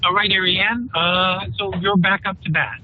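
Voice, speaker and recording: A man's voice: sits high, steady tone, moderate pace, slight background noise. A man running a tabletop game as game master, narrating in a loose, chatty way over a tinny voice-chat line.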